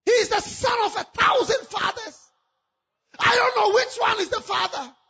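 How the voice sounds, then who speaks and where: A man preaching voices a despairing young single mother who wails and shouts her pleas. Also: extremely high pitch, fairly even intonation, normal speed, gravelly, dull audio, voice pushed up, heavily acted.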